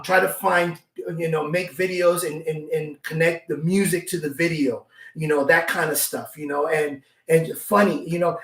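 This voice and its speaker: Gravelly man, echoey and distant. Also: on the high side. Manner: informal, listing things with filler "okay" and "uh". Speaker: co-host. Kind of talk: casual chat. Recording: roomy, from far off the mic.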